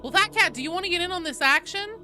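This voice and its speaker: Woman game streamer, tired, bright and animated delivery, casual and salty. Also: very high voice, quick pace, soft background music. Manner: animated, swears casually, reads out chat names. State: sleep-deprived and tired. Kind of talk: casual live-stream chat.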